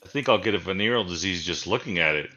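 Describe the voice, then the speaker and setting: A man playing in a tabletop game, making quick wisecracks. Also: low-pitched, pushed and bright, muffled recording, faint music behind. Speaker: player. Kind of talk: casual tabletop play.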